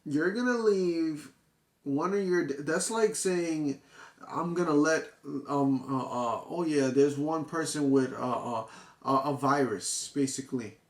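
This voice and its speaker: A man's voice: a little high, measured pace, echoey room. A man reviewing a manga chapter in casual, profane talk, often restarting and getting worked up. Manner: excitable, profane, full of restarts and fillers.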